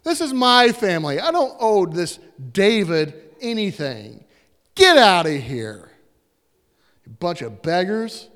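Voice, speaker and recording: A man voicing a greedy, arrogant rich landowner who shouts mockingly and possessively. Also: high voice, very animated, slow pace, long reverb tail, pitched above the performer's own voice, heavily acted. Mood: scornful shouting.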